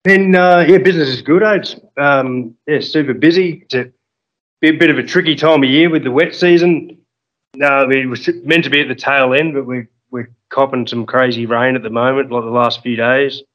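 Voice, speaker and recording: An Australian man, a fishing guide and podcast guest, talking in a relaxed, hesitant way full of fillers. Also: mid-range voice, moderate pace, muffled recording. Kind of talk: casual podcast interview.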